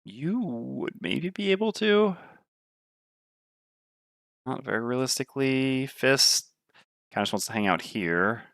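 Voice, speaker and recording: A man's voice: mid-range voice, animated, takes it slowly, gravelly, long pauses, a bit bright, no echo, studio quality. A man playing a tabletop board game on stream, thinking aloud and weighing his moves. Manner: muttering, weighing options aloud.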